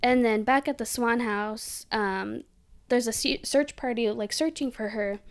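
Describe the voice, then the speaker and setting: Chatty young woman, slightly high voice. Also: a little slow. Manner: animated, giggly, lots of "like". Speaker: podcast co-host. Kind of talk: casual chat recapping a movie.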